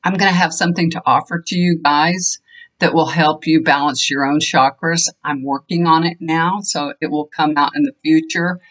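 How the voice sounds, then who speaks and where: A woman's voice: deep voice, steady tone, normal speed, a bit bright. Brief: older woman vlogger, rambling chatty storyteller, homey tone. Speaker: tarot reader and energy healer. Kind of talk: casual chat to viewers. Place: home room, fan switched off.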